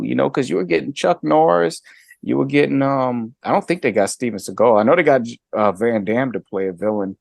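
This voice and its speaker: A middle-aged man and guest co-host chatting casually, animated, jumping high in pitch when he makes a point. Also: fairly quick, vocal fry, no echo, studio quality. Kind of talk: casual chat.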